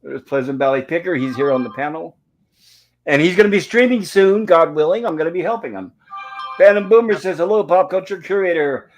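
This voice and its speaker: A man's voice: fairly high pitch, a little fast, soft background music. A man hosting a review livestream, casually reading out viewer comments in a friendly, rambling way with many fillers.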